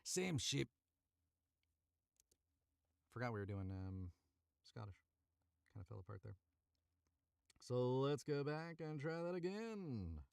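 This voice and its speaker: A man's voice: medium pitch, expressive, measured pace, vocal fry, pauses often, darkish tone, clean tone, dry recording, clean studio sound. A man reading a story aloud on a live stream from a cramped booth, chatting to viewers and redoing lines he stumbles on. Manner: chatty, self-correcting, retakes lines. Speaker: voice actor narrating a story.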